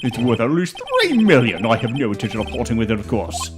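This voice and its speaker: A woman voicing a pompous, evasive old male lawyer in a playful game voice-over, with hems and throat-clearing. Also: very deep voice, expressive, quick pace. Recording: stream audio over loud game music.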